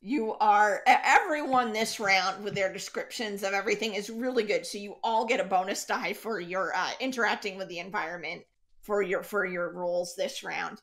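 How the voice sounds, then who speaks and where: A woman's voice: mid-range voice, moderate pace, a bit bright. A woman serving as game master in a tabletop role-playing game, explaining rules and scenes in a loose, chatty way full of fillers.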